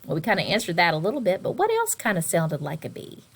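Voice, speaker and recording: Lively woman teaching a kids' music lesson. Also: lowish voice, creaky, breathy edge. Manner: lively, expressive, slows and whispers for emphasis. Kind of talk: recorded online lesson for children.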